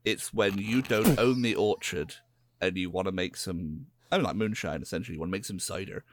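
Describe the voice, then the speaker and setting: A man's voice: sits low, fairly quick, dry recording. A man with an English West Country accent, co-hosting a podcast in laid-back, rambling casual chat. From England. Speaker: podcast co-host.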